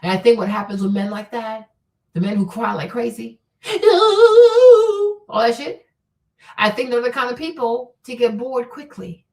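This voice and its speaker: A woman hosting a livestream, giving blunt, profane, animated commentary on relationships. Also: on the high side, normal speed, far from the mic, low-quality recording. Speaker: livestream host.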